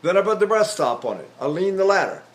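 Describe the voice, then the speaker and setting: An older male voice teacher lectures on singing technique, his trained tenor pitched high among men. His speech swings widely in pitch as he explains, stopping now and then to demonstrate on sung syllables. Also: very animated, fast talker. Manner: demonstrates with sung syllables and vowels, talks with fillers and restarts.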